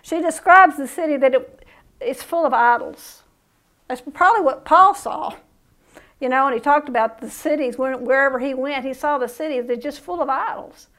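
A woman's voice: high voice, moderate pace, fairly bright tone. A woman leading a Bible study, reading scripture aloud and adding folksy, chatty remarks between passages. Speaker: Bible teacher.

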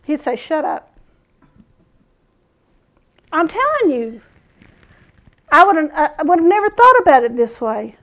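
A woman preacher giving a sermon, telling stories in an animated way and chuckling often. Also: sits high, moderate pace, pauses often.

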